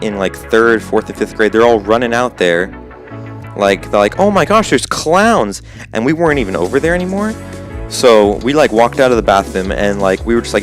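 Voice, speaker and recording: A teenage boy and gaming channel host telling a story casually, rambling with lots of fillers. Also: lowish voice. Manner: rambling, full of "like" and "um".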